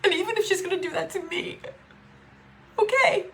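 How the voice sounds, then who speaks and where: High-voiced woman crying through a monologue. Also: normal speed, long pauses, a bit bright. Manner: distraught, repeats herself, swears. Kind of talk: emotional personal monologue.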